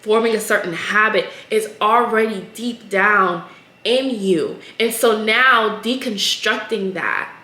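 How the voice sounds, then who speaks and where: Bright-voiced earnest woman podcaster. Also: medium pitch, takes it slowly, roomy sound. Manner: earnest, emotional storytelling. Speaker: podcast host. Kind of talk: casual solo podcast talk.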